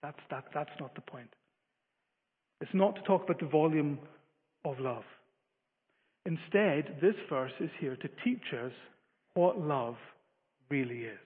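High-voiced preacher in an echoing hall. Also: male voice, lively intonation, measured pace, long pauses, slightly rough. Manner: earnest, emphatic, stumbling restarts. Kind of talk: sermon. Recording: phone-like, long-reverb hall.

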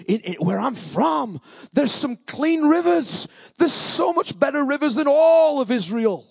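A preacher acting out a proud, indignant commander. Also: male voice, very high-pitched, vocal fry, breathy edge, no room sound, clean studio sound, heavily acted. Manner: complaining, rhetorical questions. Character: indignant foreign army commander, proud man.

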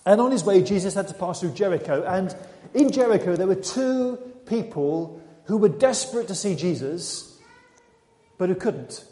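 A man preaching a sermon, retelling a Bible story as a dramatic storyteller who turns quiet and intimate. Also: high-pitched, lively intonation, normal speed. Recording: echoey hall with long reverb.

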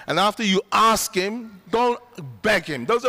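A man's voice: high voice, expressive, normal speed, bright, forceful tone. A middle-aged man preaching a sermon in an earnest, conversational way, with emphatic bursts. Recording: long reverb of a large hall.

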